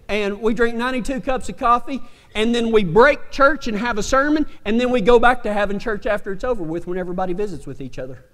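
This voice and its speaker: A man preaches in a high, light voice, spinning a folksy yarn with a country drawl. His words ring out with a long reverb, like a big church hall. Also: fairly bright tone. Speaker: pastor. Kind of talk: sermon with humorous storytelling.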